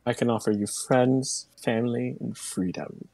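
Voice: normal speed, vocal fry, warm tone. Bubbly player cooing at a bear. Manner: bubbly, switches into a sweet high voice for the bear. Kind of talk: playing a tabletop game in character.

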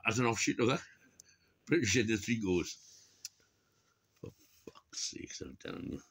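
A middle-aged Welshman with a Welsh accent rants alone to camera, swearing in exasperation. His voice is medium-pitched and a little bright, jumping up in mocking bursts.

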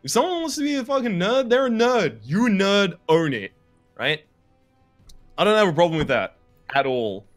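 A man's voice: sits high, big pitch swings, normal speed, faint music behind. A man co-playing a game, teasing his friend dryly and swearing casually on a voice call. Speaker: guest co-player. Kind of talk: casual gaming banter.

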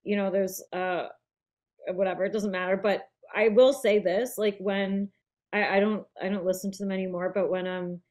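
A woman chatting casually as a podcast co-host, blunt and animated, swearing freely as she talks. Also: mid-range voice, normal speed. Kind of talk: casual chat.

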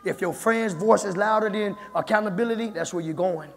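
Male pastor, high gravelly voice, sermon rising to shouts, long church reverb. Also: fairly quick. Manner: preaching that builds to shouting. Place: church sanctuary.

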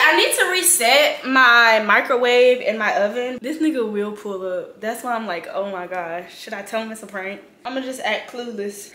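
A young woman talks straight to her viewers, bright and fairly high-voiced, swearing and laughing easily. She is in an echoey home kitchen with a faint hiss behind her. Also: normal speed, few pauses. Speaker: vlogger. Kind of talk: casual prank vlog chat.

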